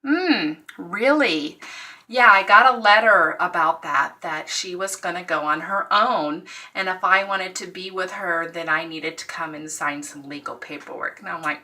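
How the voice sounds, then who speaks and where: Woman vlogger, bright tone, unhurried and fed up, recorded a little off-mic. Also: medium pitch, far from the mic. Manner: exasperated, animated storytelling with quoted dialogue. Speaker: vlogger sharing her surgery recovery. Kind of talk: casual personal vlog.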